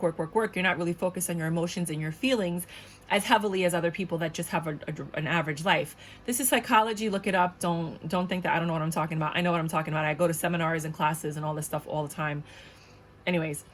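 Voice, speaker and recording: A woman's voice: mid-range voice, fairly bright tone. Blunt, outspoken woman tarot reader. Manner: blunt and outspoken, swears often; emphatic and indignant, repeats points. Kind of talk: casual tarot reading for viewers.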